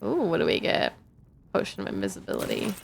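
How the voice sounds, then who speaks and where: A woman's voice: medium pitch, wildly swooping pitch, quick pace, gravelly, a little hiss or hum. A woman streaming a game, chatting casually and reading in-game notes aloud. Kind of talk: casual gameplay commentary.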